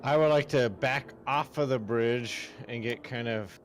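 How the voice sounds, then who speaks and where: A man's voice: medium pitch, a little slow, a little hiss or hum. A man playing in a tabletop game who talks in an easygoing, chatty way. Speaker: player. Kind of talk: casual tabletop play.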